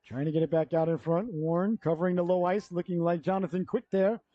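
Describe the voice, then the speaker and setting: Calling play by play at a youth hockey game, this man has a high-pitched, steady voice and a brisk pace, with no echo. He rambles chattily, drifting into side stories and correcting himself, while yawning and getting short of breath, all in dull, lo-fi local broadcast sound.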